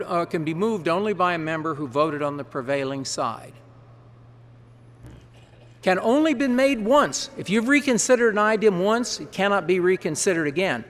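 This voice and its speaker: A man who serves as parliamentarian, briefing a large assembly on procedure in a folksy, quick way with chatty asides. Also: high-pitched, fairly bright tone. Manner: folksy, quick-talking, explains rules with asides. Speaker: parliamentarian advising delegates. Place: large conference hall.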